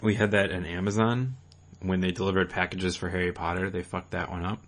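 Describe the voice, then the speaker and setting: Deep-voiced young man in casual gaming chat. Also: steady tone, a little fast. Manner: loose, rambling, swears casually. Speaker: podcast co-host.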